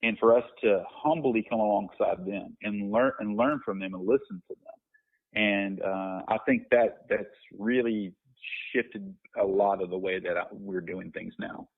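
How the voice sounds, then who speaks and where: Low husky man on a tinny line. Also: fairly even intonation, unhurried. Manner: reflective, storytelling with many restarts and fillers. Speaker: guest minister. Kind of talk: conversational podcast interview.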